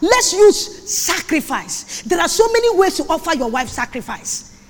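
High-voiced woman preaching in a hall. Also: very animated, normal speed. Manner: emphatic, repeats phrases, sudden shouts. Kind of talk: sermon on marriage. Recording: long hall reverb.

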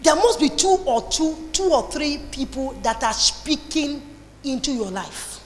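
A woman with a Nigerian accent preaching a lively sermon, slipping into Pidgin and Igbo phrases. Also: high voice, measured pace, a little hiss or hum. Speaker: pastor. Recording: long reverb in a hall.

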